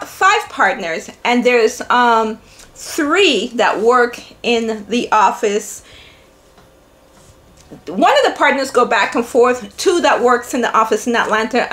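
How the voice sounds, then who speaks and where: A woman's voice: on the high side, a bit bright. An older woman, telling a long story to camera in a casual vlog, laughing often and quoting others. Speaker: vlogger.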